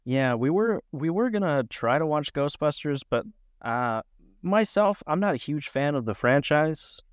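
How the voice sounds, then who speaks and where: A man co-hosting a podcast in casual chat, loose and rambling, quick to laugh. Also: a little high, lively intonation, clear, resonant tone, no echo, clean studio sound. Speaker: podcast co-host.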